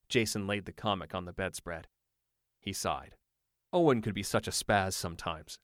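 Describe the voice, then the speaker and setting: A low-voiced man reads an audiobook in a measured, unhurried storytelling style. The recording is close and dry, with no room sound. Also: no echo. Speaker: audiobook narrator. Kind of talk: scripted audiobook narration.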